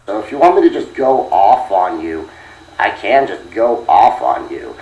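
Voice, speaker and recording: Man, mocking taunts, lively pitch, distant from mic, played-back clip. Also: a little slow. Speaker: online critic in a played clip. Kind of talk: taunting video monologue. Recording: roomy sound far from the mic, played back.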